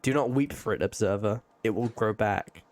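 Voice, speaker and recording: A solemn, ancient echo of a spirit, put on by a man, lower than his everyday voice and speaking in slow, archaic, formal lines. This is a live-streamed role-play. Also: lightly acted. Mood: wary.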